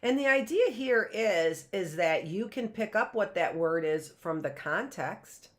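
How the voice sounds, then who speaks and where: A middle-aged woman teaching an early reading lesson, chatty and direct, sounding out words slowly. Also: medium pitch, expressive. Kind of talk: online classroom lesson.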